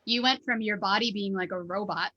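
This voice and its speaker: A woman with a bright, forward voice hosts a relaxed mindfulness conversation. She speaks casually and chattily, often checking in with "right?". The audio is dull and lo-fi. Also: mid-range voice, fairly quick, slight background noise. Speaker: podcast host, mindfulness teacher. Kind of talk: conversational interview.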